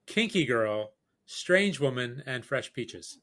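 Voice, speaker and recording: A man with a mid-range voice takes part in a relaxed movie podcast with friends. He lists details from the film with dry humor and is quick to agree with the others. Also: mid-range voice. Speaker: podcast guest. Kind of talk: casual movie chat over drinks.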